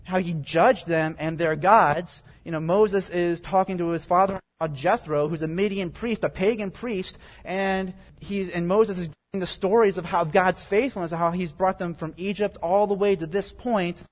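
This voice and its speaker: Male preacher, slightly raised pitch, plain-spoken verse-by-verse teacher, reverberant hall sound. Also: steady tone, moderate pace, hardly any pauses. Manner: explains scripture verse by verse in plain everyday words. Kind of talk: conversational Bible teaching. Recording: long reverb, echoey hall.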